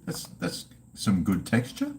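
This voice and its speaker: A man's voice: lowish voice, huge pitch swings, measured pace, creaky, slight background noise. A middle-aged man with an Australian accent, chatting casually and profanely with livestream viewers while drinking. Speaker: livestream host.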